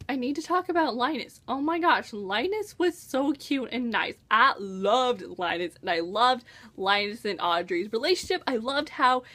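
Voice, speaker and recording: An American teenage girl chatting about a book she loved in a casual vlog. Her voice sits a bit high and swings up and down with excitement as she gushes. She scatters "like" and "oh my gosh" through every sentence. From United States. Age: teens. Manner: gushing, enthusiastic, full of "like" and "oh my gosh". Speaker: book reviewer.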